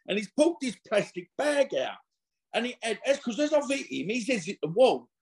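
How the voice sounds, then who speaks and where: A man's voice: very high voice, very animated, brisk. A middle-aged man, an interview guest telling long, slangy anecdotes full of restarts and acted-out quotes. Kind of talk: casual anecdotal storytelling.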